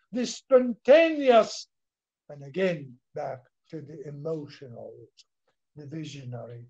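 A man with a high voice gives a slow classroom lecture on literature. He repeats words as he goes and asks questions that he answers himself. The recording sounds dull and lo-fi. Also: a little mellow. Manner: switches into Arabic briefly.

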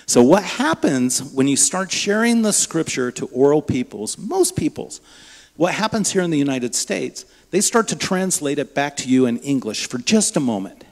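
A man's voice: on the high side, moderate pace. Storytelling male preacher in a reverberant church. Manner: lively storyteller, acts out dialogue. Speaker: guest preacher from a Bible ministry. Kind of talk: sermon with storytelling. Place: church sanctuary.

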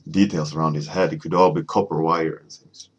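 Male artist-streamer, very deep and husky, easygoing rambling talk full of fillers. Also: fairly even intonation, fairly quick, highs cut off. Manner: rambling, many fillers and restarts. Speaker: artist streaming a painting warmup. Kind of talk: casual chat while painting, reading chat.

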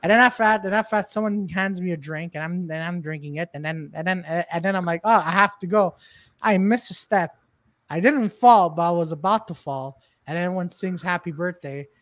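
A man's voice: high voice, brisk, no room sound, studio quality. A man hosting a casual podcast, telling a rambling story with lots of restarts and swearing. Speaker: podcast host. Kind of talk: casual chat.

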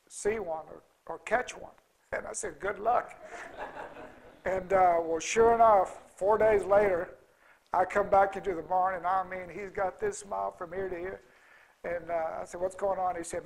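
A man's voice: high-pitched, gravelly, rough recording. A middle-aged man telling a rambling, folksy story at a conference, full of restarts and fillers. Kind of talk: casual storytelling talk.

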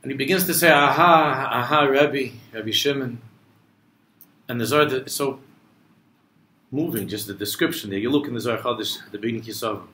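A man's voice: medium pitch, fairly quick, sharp tone, echoey room, slight background noise. A male rabbi giving a Torah lecture to a travel group. He explains a text line by line, weaves in Hebrew and Aramaic quotations and builds to impassioned emphasis. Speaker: rabbi teaching a class.

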